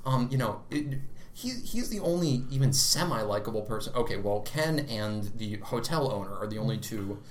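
A man's voice: lowish voice, lively intonation, normal speed. A man in a casual film discussion, speaking thoughtfully with hesitant restarts. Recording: roomy with faint noise.

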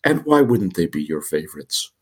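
A man with a cold and a raspy, gravelly voice, co-hosting a casual podcast with wry, self-mocking asides. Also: low voice, sing-song, normal speed. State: has a cold. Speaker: podcast co-host.

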